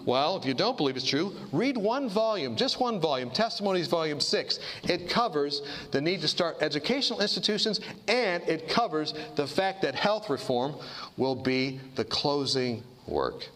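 A man preaching a sermon to a congregation, animated and rhetorical, calling for amens and asking questions of the crowd. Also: fairly high pitch, normal speed, slight background noise. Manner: animated, rhetorical call-and-response with the audience. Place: church hall before a congregation.

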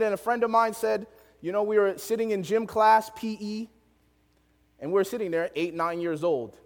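A young male preacher tells a story in a lively, animated way and laughs often. His voice sits a little high for a man. A long reverb trails behind him, as in a large hall. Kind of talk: storytelling sermon.

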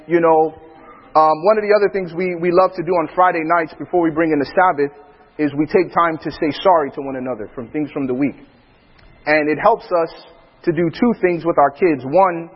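High husky dad telling church stories, lively, echoey hall, kinda muffled. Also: male voice, brisk. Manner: animated storyteller who acts out his family's lines and laughs often. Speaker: father speaking alongside his wife. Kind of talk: church talk on parenting with anecdotes.

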